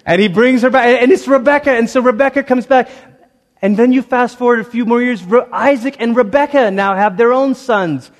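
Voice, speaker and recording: Male pastor, high voice, chatty storytelling sermon, acts out quotes, big hall reverb. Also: brisk.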